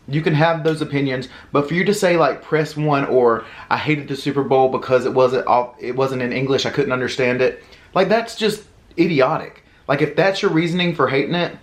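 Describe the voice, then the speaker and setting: A man with a Southern US accent, a podcast co-host, talking casually in an animated, indignant rant full of fillers. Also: on the high side. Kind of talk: casual chat. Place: home, eating at table.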